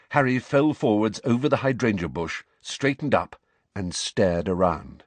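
A man narrates a novel with an animated, rolling delivery. His low voice has a husky edge, and it sits close and dry with no room sound at all. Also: no room sound. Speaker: audiobook narrator. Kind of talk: scripted storybook narration.

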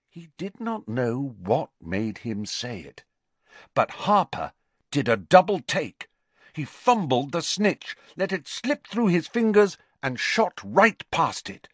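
A man narrating an audiobook with an animated, dramatic reading. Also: fairly high pitch, slow pace, no echo. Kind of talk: scripted narration.

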